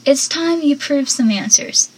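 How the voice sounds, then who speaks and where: A woman's voice: sits high, moderate pace, husky, rough recording. A woman reading out the lines of a cocky teenage boy who teases and then bluntly confronts his best friend. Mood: annoyed. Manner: teasing, then blunt and annoyed.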